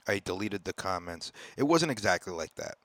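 A man hosting his own podcast in a casual, profane rant that swings between loud outbursts and low mutters. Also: big pitch swings, moderate pace, dry recording. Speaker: podcast host. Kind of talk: casual ranting monologue.

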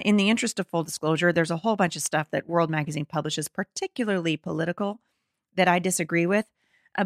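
A middle-aged woman hosting a podcast reads an article aloud and comments on it, indignant and emphatic, often stumbling and restarting. Her voice is lowish, captured with clean studio sound and no echo.

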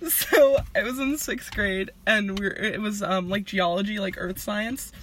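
A woman's voice: medium pitch, fairly even intonation, a little slow, a little hiss or hum. A young woman co-hosting a podcast, telling stories in giggly, filler-heavy casual chat. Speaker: podcast co-host.

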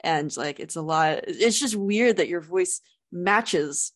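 A young woman hosts a podcast in a chatty, casual way, filling her talk with "like". Her voice sits a little low for a woman. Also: slow. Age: young adult. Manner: chatty, says "like" often. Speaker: podcast host. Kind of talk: casual conversational interview.

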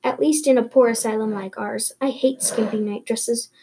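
A woman's voice: on the high side, fairly even intonation, moderate pace, warm tone, slight background noise, natural voice. Anne, a dreamy orphan girl as a woman reads her. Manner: dreamy, earnest, wordy. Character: eager talkative orphan girl, about eleven.

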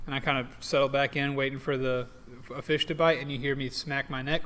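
A man playing a tabletop role-playing game, describing his character's actions in an animated way, laughing often. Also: medium pitch, a little fast, hardly any pauses. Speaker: player.

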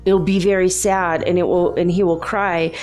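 A woman's voice: on the low side, little pitch movement, normal speed, darkish tone, faint music behind, natural voice. A woman doing an earnest upset little girl. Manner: earnest, insistent.

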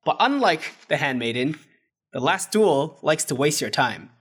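A man's voice: on the high side, sing-song, unhurried, a bit bright, slightly rough. A man co-hosting a casual movie review chat, sarcastic and often laughing. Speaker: podcast co-host.

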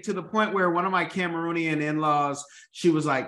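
A man's voice: a little high, moderate pace. Joking man host in an echoey room. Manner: lively, joking, talks to listeners as "you guys". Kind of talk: casual interview.

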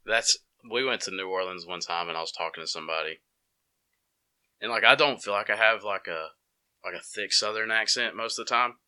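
Deep-voiced man with an Alabama accent. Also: brisk, bright, forceful tone, clean tone. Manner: easygoing, laughs often. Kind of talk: casual chat.

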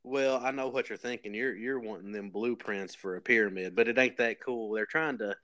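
A man's voice: on the low side, normal speed. A man with a Kentucky drawl who talks in loose, folksy rambles. He plays his comic boasts completely straight and keeps restarting his sentences. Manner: rambling, folksy, deadpan tall tales with many restarts. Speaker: podcast guest posing as a communication expert. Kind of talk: comedic podcast banter.

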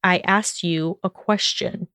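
A woman's voice: on the low side, steady tone, takes it slowly, pushed and bright, clean tone, no room sound, clean studio sound. A woman reading a storybook aloud, voicing an arrogant young male wizard who talks sharply and mockingly. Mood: demanding.

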